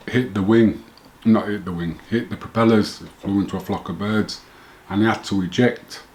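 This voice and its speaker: A middle-aged man telling his own story in a rambling, self-correcting way, chuckling now and then. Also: lowish voice. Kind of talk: casual first-person storytelling.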